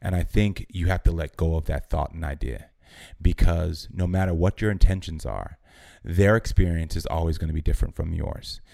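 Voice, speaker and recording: A deep-voiced man with a gravelly edge talks in a calm, earnest way, like a counsellor giving advice. The sound is dry and close, with no room around it. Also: moderate pace, no room sound. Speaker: guest therapist giving advice. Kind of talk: podcast conversation.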